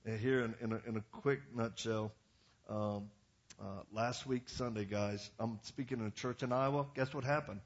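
A middle-aged man preaching, telling stories in a blunt, animated way with quick asides to the audience. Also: lowish voice, lo-fi sound. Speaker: pastor. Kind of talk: storytelling sermon.

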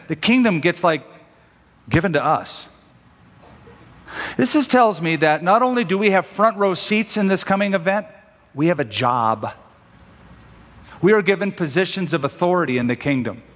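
A male pastor delivering a sermon in a big church sanctuary, his voice carrying a long reverb. His pitch sits a little above most men's, and he draws out the scripture he quotes, slow and weighty. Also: a bit bright. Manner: preaching, slows and stretches scripture quotes for emphasis.

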